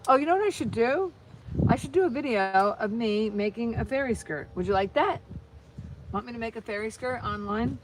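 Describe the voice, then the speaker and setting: A woman's voice: a little high, expressive, normal speed, noisy background. A middle-aged American woman chatting casually to viewers while crafting, rambling, with many restarts. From United States. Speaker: vlogger.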